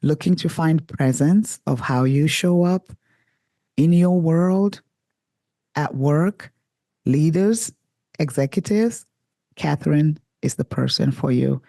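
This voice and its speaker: A woman's voice: low-pitched, slow pace, gravelly, pauses often, dark tone, dry recording, clean studio sound. A woman hosting a podcast interview, speaking enthusiastically with effusive praise for her guest. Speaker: podcast host.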